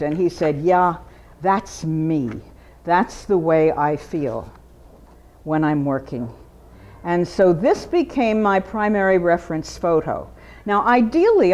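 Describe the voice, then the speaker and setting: A woman artist talking casually to visitors in a gallery, her voice at an ordinary middle pitch. She is animated and chatty, leaping up in pitch to stress a point before settling back down. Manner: chatty and animated, with big pitch swings for emphasis. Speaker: portrait artist giving a gallery talk. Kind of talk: informal gallery talk to a live audience. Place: art gallery, indoors.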